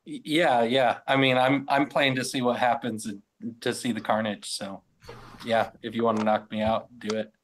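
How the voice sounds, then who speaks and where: A man's voice: mid-range voice, level tone, normal speed, rough recording. A man playing a tabletop game over a call, stammering and easygoing. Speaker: player. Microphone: online video call.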